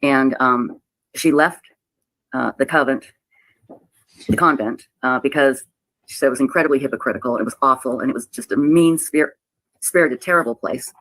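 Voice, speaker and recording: A woman telling a personal story in a halting, emotional way, often repeating herself and close to tears. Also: very deep voice, a bit bright, no echo, low-quality recording. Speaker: website owner telling her story. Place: played clip of a livestream.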